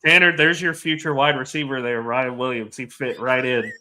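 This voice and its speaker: A man co-hosting a watch-along, giving steady casual play-by-play of a football game. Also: mid-range voice, moderate pace. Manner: steady play-by-play, agrees with short acknowledgements.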